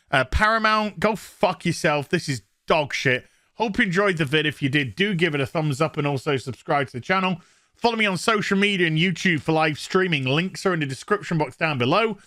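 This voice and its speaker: Male reviewer, bright edgy tone, furious sarcastic rant. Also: a little high, dry recording, studio quality. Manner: angry, sweary, sarcastic ranting. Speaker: YouTube reviewer. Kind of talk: ranting review vlog.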